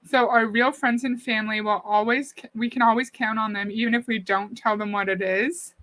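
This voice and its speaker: A woman's voice: on the high side, fairly even intonation, moderate pace, a bit bright, no room sound, rough recording. A woman hosting a casual livestream, critiquing a video and reading out viewer comments in a conversational way. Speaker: livestream host reacting to a video. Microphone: desk mic.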